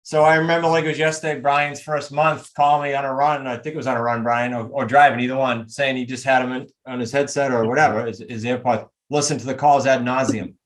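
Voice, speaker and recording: A man's voice: mid-range voice, fairly even intonation. A man leads a group coaching call over video in a mid-range voice. He talks emphatically and pushes his listeners with motivational energy. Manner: emphatic, motivational, rapid asides. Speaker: real estate coach.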